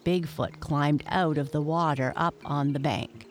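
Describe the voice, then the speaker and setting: Slow, measured children's storyteller. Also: mid-range voice, soft background music. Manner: measured, addresses the listener. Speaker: narrator.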